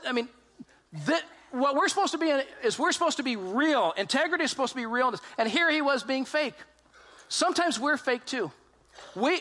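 Pastor, male, high and bright-toned, animated storyteller who quizzes the room. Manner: animated storytelling, asks the congregation questions; acts out quoted voices in his retelling. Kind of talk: sermon.

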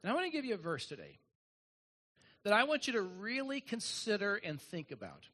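A man's voice: sits high, huge pitch swings, brisk, pushed and bright. A man preaching a sermon to his congregation, earnest and emphatic, repeating refrains. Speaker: pastor.

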